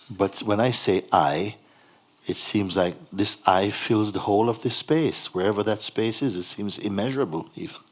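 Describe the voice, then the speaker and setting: A man guiding a seeker as a spiritual teacher in a satsang dialogue, gentle and unhurried, often breaking into laughter. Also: deep voice, slightly rough. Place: hall.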